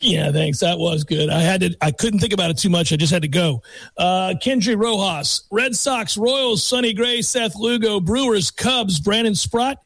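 High-voiced man reading a sports lineup. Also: moderate pace, a bit bright, dry recording. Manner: rattles off lists with playful emphasis. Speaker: podcast co-host. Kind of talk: casual sports chat.

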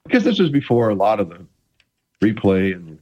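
Middle-aged male ex-quarterback guest, animated and restarting, lo-fi line. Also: lowish voice, brisk. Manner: animated, rambling with many restarts, playful. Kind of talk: casual interview chat.

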